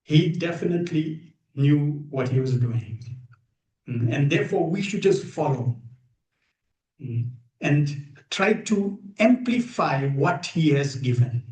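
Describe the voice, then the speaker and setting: Male spiritual teacher, emphatic slow delivery, rhetorical questions, reverberant room. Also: fairly high pitch, lively intonation, a little mellow. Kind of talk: devotional talk to a live group. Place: room with a gathered audience. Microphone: streamed live over video call. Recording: echoey room.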